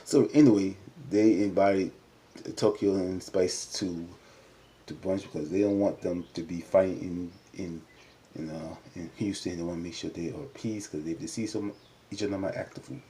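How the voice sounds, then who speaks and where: A man giving a casual recap of a reality show episode, chatty and full of "you know" fillers, jumping up in pitch whenever he acts out what the cast said. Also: fairly even intonation, normal speed, dark tone, a little hiss or hum.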